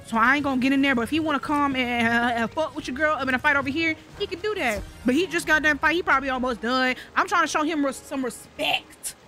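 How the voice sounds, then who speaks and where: A woman giving casual video game commentary in a high, bright voice. Her humor is blunt and sarcastic, full of profanity and rambling side stories told straight to her viewers. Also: quick pace, hardly any pauses, soft background music. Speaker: gaming commentator. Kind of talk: casual let's-play commentary.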